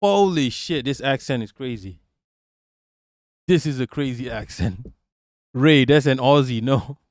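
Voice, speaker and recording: A man's voice: medium pitch, measured pace, no echo, studio quality. A man live-streaming, reacting to a video and his chat in brash, profane casual talk.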